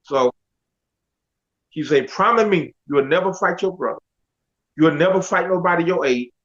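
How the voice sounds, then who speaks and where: High-voiced man telling his story. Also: normal speed. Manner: animated, quotes others in dialogue. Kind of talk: casual storytelling. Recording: dull lo-fi audio.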